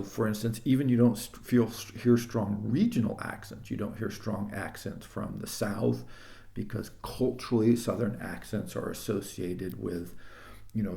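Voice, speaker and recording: Gravelly low-voiced man lecturing, roomy. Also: warm tone. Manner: discursive, full of restarts and asides. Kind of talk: recorded lecture.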